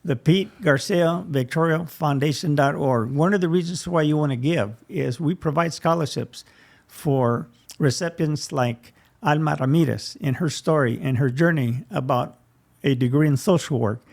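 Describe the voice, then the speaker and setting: A man's voice: on the high side, normal speed, creaky, darkish tone. A man hosting a fundraiser interview, giving brief encouraging prompts. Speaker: interview host.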